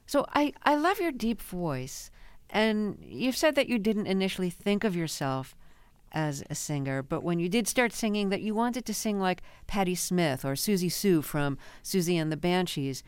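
A woman radio interviewer asking measured, curious questions in the studio. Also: lowish voice, expressive, clean tone, no room sound. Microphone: studio microphone.

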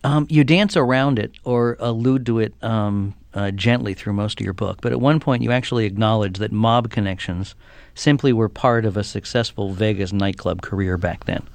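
A man who is a TV critic, asking polite, measured interview questions. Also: fairly low pitch, creaky, no room sound.

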